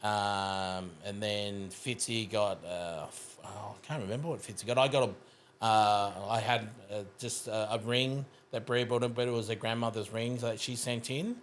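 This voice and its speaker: A middle-aged man, a podcast guest telling stories in a casual, animated way and often laughing. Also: lowish voice, normal speed, a little hiss or hum. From Australia. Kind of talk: casual storytelling.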